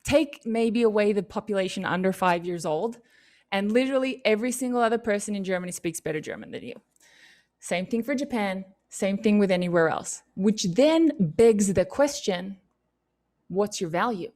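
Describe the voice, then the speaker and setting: A woman speaking at a youth leadership session, answering questions in an animated, chatty and encouraging way. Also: mid-range voice, normal speed. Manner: animated, chatty, lots of "like" and "you know"; encouraging and upbeat.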